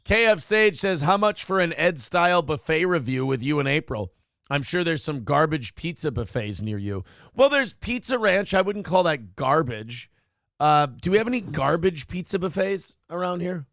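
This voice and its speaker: A man's voice: on the high side, lively intonation, moderate pace, a bit bright, no room sound, studio quality. A man hosting a morning talk show, reading viewer comments aloud and joking with plenty of swearing. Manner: profane, wisecracking, reads viewer comments aloud. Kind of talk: casual morning show banter.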